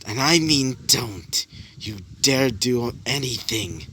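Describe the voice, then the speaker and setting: A man voicing a menacing many-armed thug, blunt and threatening, in a mid-pitched voice. A steady hiss of noise runs under it. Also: takes it slowly. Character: menacing adult male multi-armed thug.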